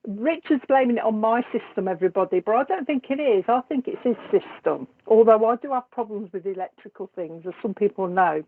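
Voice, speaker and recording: A woman's voice: medium pitch, lively intonation, brisk, few pauses. A woman, a psychic medium hosting a live stream, chatting casually with viewers and laughing often between remarks. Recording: tinny phone-like sound.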